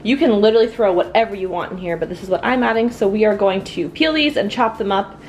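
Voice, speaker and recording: A woman's voice: medium pitch, quick pace, darkish tone, slight background noise. A young woman, heavily pregnant and out of breath, chatting casually through a cooking vlog in her home kitchen, full of likes and ums. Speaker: vlogger.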